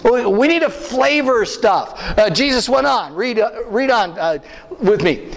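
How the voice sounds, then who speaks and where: A man preaching a sermon as pastor, animated and full of rhetorical questions and asides to the congregation. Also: very high-pitched, a little slow, gravelly. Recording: long hall reverb.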